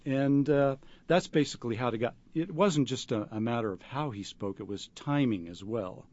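A man, an actor, answering interview questions in a halting way, with many fillers and restarts. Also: medium pitch, darkish tone. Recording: dull lo-fi radio recording.

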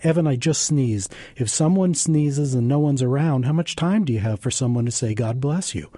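A man's voice: medium pitch, normal speed, dark tone, breathy edge, no room sound, natural voice. A man reading the part of a worried young boy, speaking urgently. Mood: panicked.

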